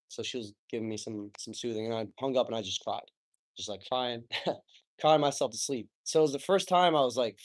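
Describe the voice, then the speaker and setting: A young man speaks as a podcast guest in a mid-pitched voice. He tells his story openly and with emotion, and he swears casually and keeps saying "like" and "bro." The delivery is loose and conversational. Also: fairly quick. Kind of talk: candid personal storytelling.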